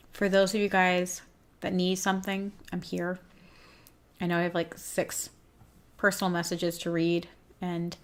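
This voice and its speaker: A woman hosts a livestream for groomers as part of a groomer business show, reading viewers' comments aloud while speaking candidly and emotionally, teary-eyed. Her voice is fairly low and creaky.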